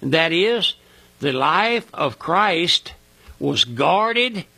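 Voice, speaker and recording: An older man preaching with a Mississippi Southern drawl, folksy and fervent. His gravelly, husky voice swings high and low and sounds bright and forceful. The sound is close and dry. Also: lively intonation, very slow, no room sound. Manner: folksy, fervent, repeats "my friend" and "listen". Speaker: radio preacher. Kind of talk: radio sermon.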